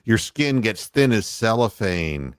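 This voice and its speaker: A man's voice: fairly low pitch, very animated, takes it slowly, clean tone, no room sound, studio quality. An older man hosting a casual sports radio show, rambling and profane, poking fun at himself. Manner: rambling, profane, self-mocking.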